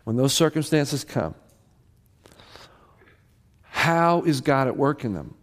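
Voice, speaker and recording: A man's voice: on the high side, lively intonation, unhurried, long pauses. Earnest, emphatic male pastor preaching. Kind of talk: sermon.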